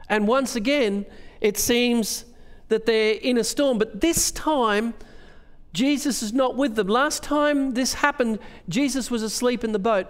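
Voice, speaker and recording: A man's voice: high-pitched, clean tone, long reverb tail. A male pastor with an Australian accent preaching a sermon, asking earnest questions and reading scripture aloud. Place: church hall.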